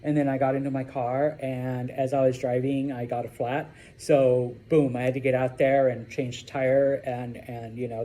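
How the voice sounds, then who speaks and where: A man's voice: mid-range voice, recorded from a distance. Man teaching Spanish in echoey classroom. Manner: lively, repeats "okay?" to check understanding. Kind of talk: classroom lecture.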